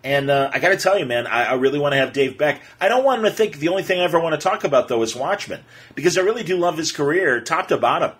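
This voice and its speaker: A man hosting a podcast, telling stories in a casual, animated way with lots of fillers. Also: on the high side, fast, slightly rough. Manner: animated, excitable storyteller with many fillers. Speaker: podcast host.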